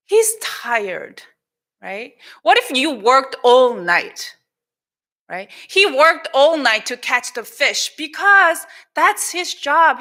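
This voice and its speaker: A woman with a Korean accent preaches to children in a church, her higher voice bright and forceful. She tells the Bible story in an animated way, acts out the characters and switches between English and Korean as she speaks. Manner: animated, acts out quoted lines. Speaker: pastor. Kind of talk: children's sermon. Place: church sanctuary.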